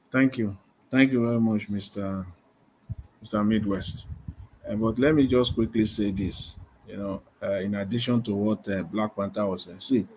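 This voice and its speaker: A man's voice: fairly low pitch, slight background noise. A man hosting a live call-in debate, stressing his points by repeating them emphatically. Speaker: host of a live discussion stream.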